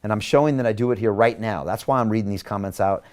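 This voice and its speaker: With a lowish, clear, resonant voice, this man talks fast. He's running for mayor and hosts a show, delivering an emphatic campaign speech with rhetorical questions and reading out viewer comments.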